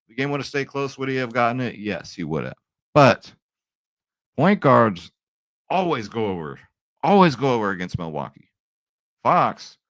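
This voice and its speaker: A man's voice: lowish voice, a bit bright, no echo. Chatty man with a dry, close sound. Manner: chatty, upbeat, says "right?" and "guys" a lot. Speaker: sports betting picks host. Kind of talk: casual picks video talk.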